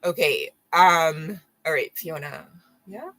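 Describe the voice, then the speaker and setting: Low, bright-voiced woman reading tarot. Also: slow, soft background music, rough recording. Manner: rambling and frank, swears, apologizes often. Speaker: tarot reader. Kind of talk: live-stream tarot reading.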